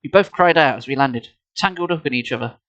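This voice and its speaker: The sound is lo-fi as a man with a medium-pitched, fairly bright voice reads a children's horror book quickly on a live stream from home, captured by a desk mic and laptop. He keeps interrupting the narration with playful jabs at himself.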